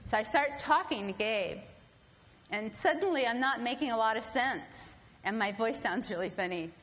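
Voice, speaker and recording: A woman telling a personal story to an audience, animated and acting out other people's voices. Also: fairly high pitch, moderate pace. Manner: animated, acts out quoted voices. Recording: long hall reverb, faint ambience.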